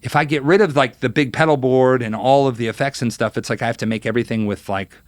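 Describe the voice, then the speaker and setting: A man in his thirties, a guest guitarist telling stories in a casual interview, lively and acting out quotes, with many fillers. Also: mid-range voice, quick pace, no echo, studio quality.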